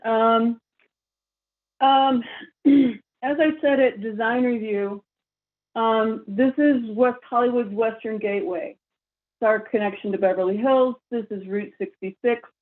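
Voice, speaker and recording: A woman chairing a city planning commission meeting, speaking haltingly with restarts. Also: fairly high pitch, fairly even intonation. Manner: halting, many restarts and fillers. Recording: tinny phone-like line.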